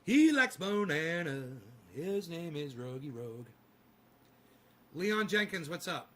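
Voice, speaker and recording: A man on a casual livestream, swearing freely and talking to his dog in a high sing-song voice. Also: sing-song, slow pace. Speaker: streamer.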